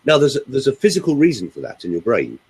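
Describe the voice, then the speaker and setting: A man who works as a voice coach, telling stories and giving advice in a lively, expressive way. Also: medium pitch, fast, slightly rough, poor audio. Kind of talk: animated storytelling and coaching talk.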